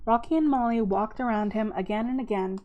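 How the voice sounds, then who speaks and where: A woman hosting her own channel, reading a novel aloud in a steady, unhurried storytelling manner. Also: fairly high pitch, muffled recording. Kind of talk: casual read-aloud narration.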